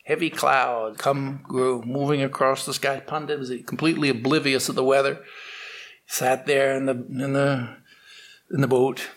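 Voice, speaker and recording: A man telling a story aloud, unscripted, with restarts and slowed dramatic pacing. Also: medium pitch, little pitch movement, fairly bright tone. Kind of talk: oral storytelling.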